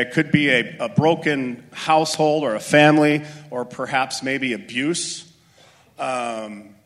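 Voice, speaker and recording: A man's voice: a little high, a bit bright, in a large hall. Rambling man speaking to a group. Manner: casual, rambling, many fillers, self-deprecating. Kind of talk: motivational talk with personal story. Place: meeting room with an audience.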